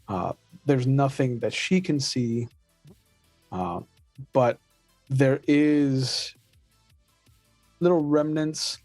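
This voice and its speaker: A man narrating as game master of a tabletop game, slow and halting with frequent filler sounds. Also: mid-range voice, a little mellow, dry recording.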